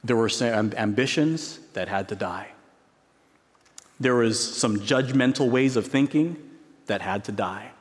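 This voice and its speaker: A man preaching a sermon with emphasis, his voice climbing high on key words between musing pauses. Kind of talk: expository sermon. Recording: long reverb of a large hall.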